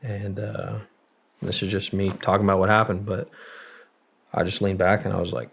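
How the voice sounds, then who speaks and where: Gravelly low-voiced young man telling a story. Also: flat delivery, moderate pace, long pauses, a bit bright. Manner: profane, loose delivery full of "like" fillers. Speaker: podcast guest, Marine veteran. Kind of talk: casual storytelling.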